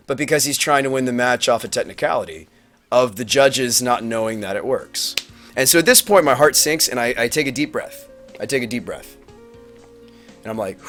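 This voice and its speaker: A man telling a tournament story on a livestream, rambling and animated, acting out quotes with big swings in his voice. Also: mid-range voice. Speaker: Magic player recapping a tournament on a livestream. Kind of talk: casual storytelling to a stream audience. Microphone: webcam mic.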